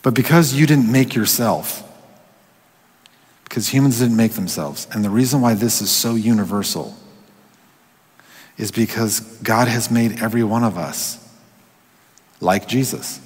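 A man preaching a sermon in a conversational way, slowing for emphasis and dropping to a hush at times. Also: mid-range voice, husky. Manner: conversational, drops to hushed whispers for quoted voices. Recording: echoey hall with long reverb.

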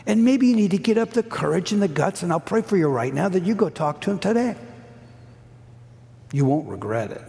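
A middle-aged man preaching a sermon, telling a story earnestly, rising high and dropping to a hush. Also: very animated, a little fast, gravelly. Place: church hall. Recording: long hall reverb.

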